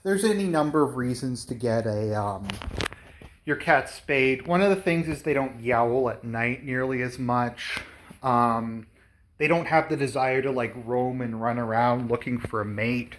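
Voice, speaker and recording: A man's voice: mid-range voice, unhurried, a little hiss or hum. A man chatting casually and rambling about his cat, laughing often and a little out of breath. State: slightly out of breath from coffee. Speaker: pet vlogger. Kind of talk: casual chat to camera.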